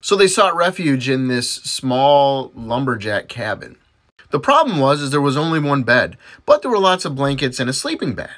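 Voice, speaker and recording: A man telling a string of jokes in an animated storytelling voice. His pitch jumps around lively, sitting at an average height. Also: normal speed. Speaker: joke teller.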